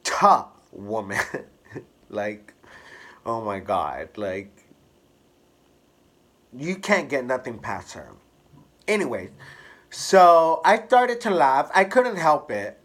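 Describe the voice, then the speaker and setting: A man candidly telling a personal story to camera in an expressive, drawn-out way. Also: mid-range voice. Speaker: hairstylist vlogger.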